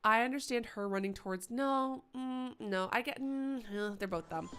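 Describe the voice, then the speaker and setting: A woman commenting live as she plays a horror game, chatty and swearing, yelling at the characters. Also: fairly high pitch, moderate pace. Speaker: streamer playing a horror game.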